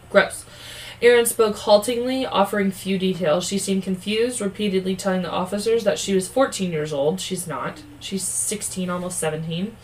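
A woman's voice: mid-range voice, moderate pace, slight background noise, poor audio. A woman co-hosting a true-crime podcast, reading the case aloud and breaking off with blunt, profane, snarky asides.

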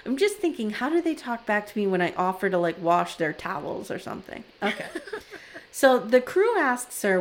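A woman's voice: mid-range voice, normal speed, a little hiss or hum. A woman in her forties who co-hosts a podcast, animatedly retelling scenes in casual chat and acting out the quotes. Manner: animated storyteller, acts out quotes. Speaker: podcast co-host.

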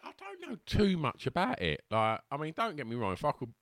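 A man's voice: fairly high pitch, huge pitch swings, fairly quick, fairly bright tone, dry recording, clean studio sound. A man co-hosting a podcast, telling stories with many stammered restarts. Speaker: podcast co-host. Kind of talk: casual comedic chat.

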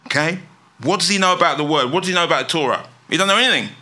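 A man's voice: fairly high pitch, expressive, racing, bright, forceful tone. A man preaching a sermon, emphatic and asking his listeners rhetorical questions.

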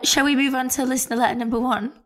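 A woman co-hosting a podcast, chatty and gushing, quick to gasp and laugh. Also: sits high, fairly even intonation, over music. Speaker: podcast co-host. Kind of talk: casual podcast chat.

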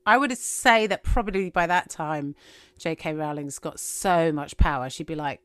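A woman's voice: low-pitched, moderate pace, clear, resonant tone, no echo. A woman in her thirties, a podcast co-host chatting casually, laughing often and acting out quotes. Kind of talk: casual chat.

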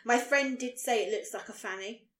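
A woman's voice: on the high side, normal speed, fairly bright tone, echoey room. A woman in her thirties, a podcast co-host telling a story in casual chat, acting out the people in it with laughter. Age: 30s.

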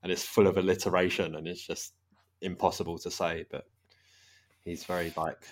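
A man's voice: sits low, flat delivery, moderate pace. A man hosting a casual podcast chat, rambling and laughing often. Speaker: podcast host.

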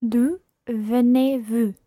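Mellow-voiced Scottish woman repeating phrases. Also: on the high side, steady tone, extremely slow, dry recording, studio quality. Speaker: student helper.

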